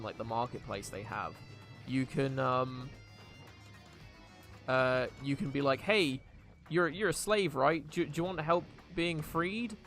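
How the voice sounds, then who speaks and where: A man's voice: mid-range voice, a bit bright. Brief: man streaming a game, mid-range voice, loose rambling chat full of ums. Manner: rambling, with many fillers and restarts. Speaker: live streamer. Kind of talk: casual gameplay chat.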